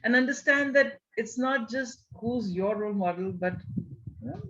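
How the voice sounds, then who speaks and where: A woman's voice: on the high side, moderate pace, fairly bright tone. A middle-aged woman gives a motivational panel talk over a video call, quizzing her listeners and often saying "you know". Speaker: panel speaker. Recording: muffled video call audio.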